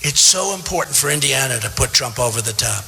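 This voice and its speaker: Over soft background music, an older candidate in his seventies speaks at medium pitch, animated and brisk, his gravelly voice pushed and bright. His campaign speech to a big theater crowd is boastful and rambling, full of repetition and chatty asides, and the PA leaves a long hall reverb.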